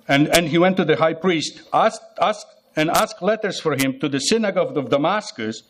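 Emphatic higher-voiced male preacher. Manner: emphatic, repeats phrases, asks the listeners rhetorical questions. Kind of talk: sermon.

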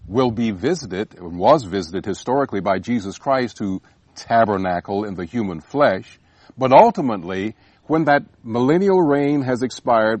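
A man's voice: on the low side, a little mellow, dry recording. A man co-hosting a religious TV program, explaining scripture emphatically. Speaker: co-host and Bible teacher.

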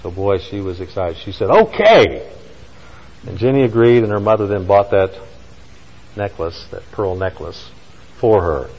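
A man preaching a sermon, telling a story with emphatic lines and slow, quiet stresses. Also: sits low, fairly even intonation, in a large hall, highs cut off. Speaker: pastor.

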